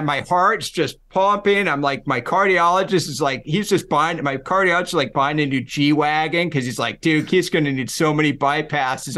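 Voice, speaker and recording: A middle-aged man with a slightly high voice talks easily in an interview, explaining ideas through lively stories. He slips into quoted voices as he goes. The tone stays relaxed and conversational. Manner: animated storyteller, acts out quoted voices. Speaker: psychology professor guest.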